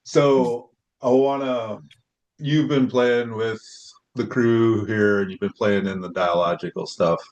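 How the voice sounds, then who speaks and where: A man's voice: fairly low pitch, fairly even intonation, slow, darkish tone, dull audio. A man hosting a casual conversation, talking in a reflective, hesitant way with many fillers. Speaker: host.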